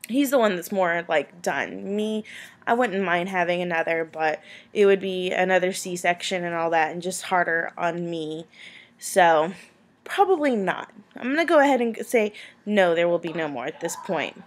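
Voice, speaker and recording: A woman's voice: fairly low pitch, animated, normal speed. Young woman, home vlog, late-night tired chatter, rambling with fillers. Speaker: vlogger answering viewer questions. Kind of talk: casual chat to camera.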